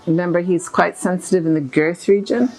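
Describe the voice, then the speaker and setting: A woman talks through her horse bodywork live, calling out each hand position and stroke as she makes it in a chatty, easygoing way. Her voice sits low and has a gravelly edge. Soft music plays faintly in the background. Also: fairly even intonation, fairly quick, poor audio. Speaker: equine bodywork practitioner. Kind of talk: live narration of a hands-on technique. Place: with a horse, in a stable or yard.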